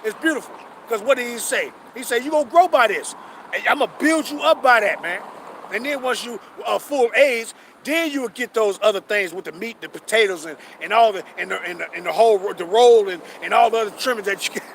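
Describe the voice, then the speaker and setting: A man preaching outdoors, emphatic and profane, reading scripture slowly and asking rhetorical questions. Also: high-pitched, vocal fry, slight background noise. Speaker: street preacher. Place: outdoors on a city street.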